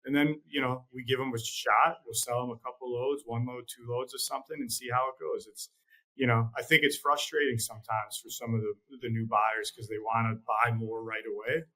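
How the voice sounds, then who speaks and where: A man as an interview guest, talking in a measured, plain-spoken way and repeating words as he thinks. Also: mid-range voice, flat delivery, sharp tone, poor audio. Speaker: guest, trading executive. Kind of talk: casual interview chat.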